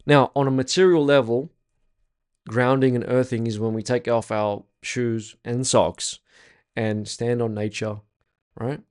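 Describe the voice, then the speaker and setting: A man's voice: mid-range voice, steady tone, a little slow, a little mellow, smooth. A young man teaching a spiritual workshop in a casual, blunt way, swearing freely and repeating his points with emphasis.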